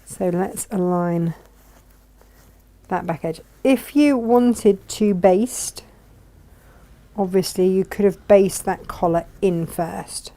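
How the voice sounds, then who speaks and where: A woman chats her way through a sewing project, narrating each step and teasing herself along the way. Her pitch sits in the middle, and a sewing machine runs in the background. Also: slow pace, long pauses, dark tone. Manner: chatty, self-mocking, talks to herself while working. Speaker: sewing vlogger. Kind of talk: chatty sewing tutorial.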